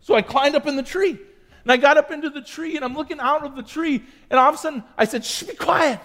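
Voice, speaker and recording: High-voiced man telling a youth sermon story. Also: quick pace, a bit bright. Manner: storytelling, chatty with asides to the audience. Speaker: youth pastor.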